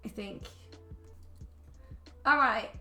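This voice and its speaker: A woman's voice: fairly high pitch, drawn-out words, bright, forceful tone. A young Swedish woman with a Swedish accent, chatting casually and rambling while she draws on a stream. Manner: chatty, rambling with restarts and fillers. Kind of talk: casual chat while drawing. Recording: faint music behind.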